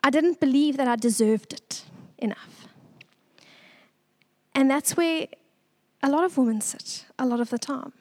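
A young woman giving an earnest, tearful church testimony, pausing often. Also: high-pitched.

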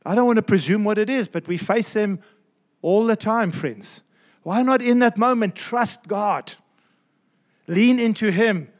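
A male pastor delivers a sermon in a high, light voice. He is emphatic, repeats key phrases and drags out his words to stress a point. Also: a little slow.

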